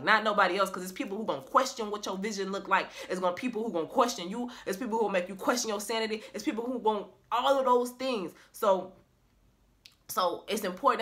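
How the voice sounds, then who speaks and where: A woman vlogging casually as a tarot reader, rambling and profane in an animated way. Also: mid-range voice. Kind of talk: casual motivational vlog talk.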